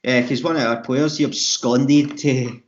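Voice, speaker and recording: A man's voice: mid-range voice, fairly even intonation, unhurried. A Scottish man co-hosting a podcast, chatting in a rambling way with many restarts. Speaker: podcast co-host. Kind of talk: casual chat. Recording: dull lo-fi sound.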